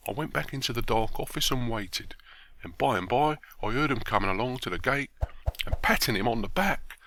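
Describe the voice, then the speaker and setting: A man reading a bedtime story aloud in an expressive, lively storytelling manner. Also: mid-range voice, no room sound. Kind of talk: scripted narration of a bedtime story.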